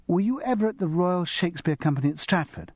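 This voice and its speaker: A man pushes his voice up high for an audiobook role as an easily impressed, giggly upper-class teen girl with an English public-school accent. He speaks quickly with lively intonation and no room sound, sounding girlish, eager, bright and enthusiastic.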